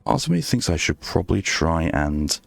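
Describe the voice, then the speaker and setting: A man streaming his art, talking softly in an ASMR-style murmur right on a close microphone, rambling to himself as he draws. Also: low voice, sing-song, moderate pace, vocal fry, dry recording. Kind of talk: soft ASMR-style stream chat while drawing. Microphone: very close desk microphone. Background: faint background music.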